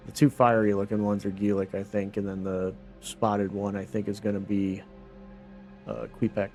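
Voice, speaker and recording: A low-voiced man chatting casually as he streams a game, thinking out loud and trailing off into little asides. Faint music plays under his voice. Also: flat delivery, normal speed. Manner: thinks aloud, reads menus, trails off in asides. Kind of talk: casual gameplay commentary.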